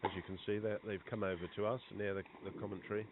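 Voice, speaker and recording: A man's voice: on the low side, fast. A man giving chatty live commentary on a cricket match. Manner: conversational, chatty between balls, rising excitement on big shots. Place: outdoor cricket ground. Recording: tinny phone-like line with clear background noise.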